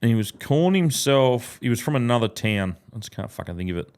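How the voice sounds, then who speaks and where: A man's voice: mid-range voice, expressive, quick pace, a little mellow, smooth. An Australian man hosts a podcast from a studio in casual chat. He tells stories in a looping, sweary way, stopping and restarting mid-thought. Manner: swearing, rambling storyteller with frequent restarts. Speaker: podcast host and comedian.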